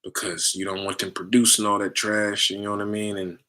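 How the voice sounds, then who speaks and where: A man giving a casual spiritual talk, telling animated stories with loose slang and acting out other people in raised voices. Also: a little fast. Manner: animated storytelling, acts out others in high voices.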